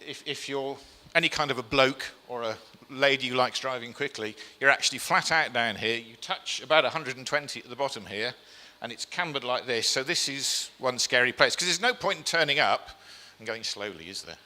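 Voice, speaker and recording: A man's voice: mid-range voice, fairly quick, pushed and bright. A man giving a chatty slide talk to a live audience, with frequent ums and questions to the crowd. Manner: chatty, self-deprecating, asks the audience questions. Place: event hall with a live audience. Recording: long reverb of a hall.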